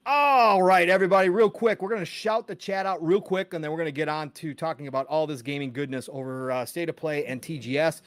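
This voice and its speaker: A man hosting a casual gaming podcast live stream, talking excitedly and reading out chat names with quick greetings and casual swearing. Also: on the high side, no room sound, studio quality. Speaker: podcast host.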